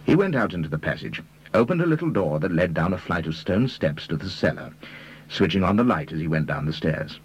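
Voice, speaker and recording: Male audiobook reader, deep and husky, lively intonation. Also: fairly quick, muffled recording. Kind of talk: scripted narration.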